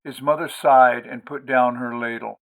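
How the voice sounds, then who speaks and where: A man hosting and narrating an audiobook in a measured, expressive way. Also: mid-range voice. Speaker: audiobook reader, host.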